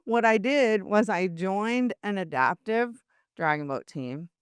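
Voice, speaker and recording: An older woman talks with a smooth, clear voice in a casual podcast interview. She is an animated storyteller who acts out the people she quotes and laughs easily. The sound is close and dry. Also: lowish voice, dry recording. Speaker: podcast guest.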